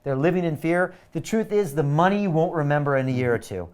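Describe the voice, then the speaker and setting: A middle-aged man hosting a live webinar, delivering an energetic, pushy sales pitch full of repeated catchphrases. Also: quick pace, smooth.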